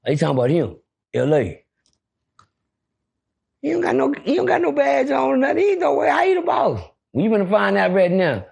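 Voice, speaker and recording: A man telling a story on a podcast in a casual, animated way, acting out voices and throwing in profane asides. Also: very high voice, fairly quick, vocal fry, pauses often, breathy edge.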